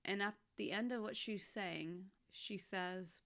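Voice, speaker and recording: A young woman chatting casually about a series she watched, heartfelt and expressive, moving between hushed and loud. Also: mid-range voice, slow pace. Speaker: anime reaction vlogger. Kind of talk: casual recap chat.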